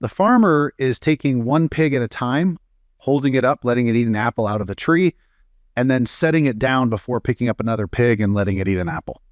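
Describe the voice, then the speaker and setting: A man's voice: medium pitch, brisk, no echo. A man in a middle register reads through a string of jokes aloud. His delivery is loose and casual, with small slips and fillers along the way. The sound is dry and close, with no room around it. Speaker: joke reader.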